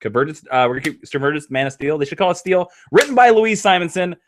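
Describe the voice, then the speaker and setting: A man's voice: fairly high pitch, fast talker, background noise. A man hosting a casual live stream chat, talking with enthusiasm. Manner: enthusiastic, animated.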